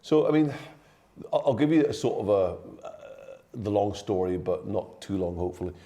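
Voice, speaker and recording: A man in his fifties with a slightly anglified Glaswegian accent and a low, warm voice. He chats easily as a guest, telling stories and laughing often. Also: animated, moderate pace. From Scotland. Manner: chatty storyteller, laughs often. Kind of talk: casual chat.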